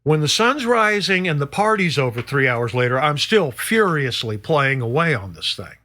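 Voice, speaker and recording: A middle-aged man, a guest musician, telling a story in a casual, animated way, swearing and peppering it with "you know". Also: on the high side, moderate pace.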